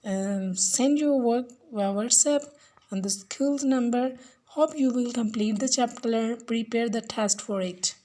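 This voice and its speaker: Her voice a little high and warm in tone, a woman English teacher records a lesson, going slowly and deliberately and repeating each word so her pupils can follow.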